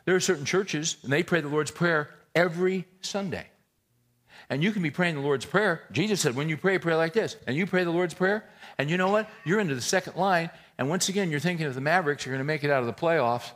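A middle-aged male pastor preaching a sermon in a conversational way, moving between loud emphatic points and quiet, intimate passages. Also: fairly high pitch, brisk.

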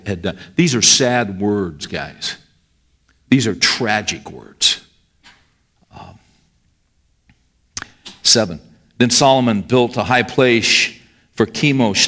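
Pria pendeta berkhotbah dengan gaya santai. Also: male voice, on the low side, a bit bright. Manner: conversational, asks the congregation questions. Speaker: pastor. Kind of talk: sermon.

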